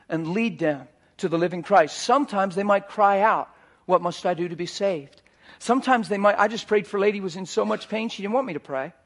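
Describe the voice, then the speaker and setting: A man preaching a sermon, animated and swinging between quiet asides and near shouts. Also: high voice.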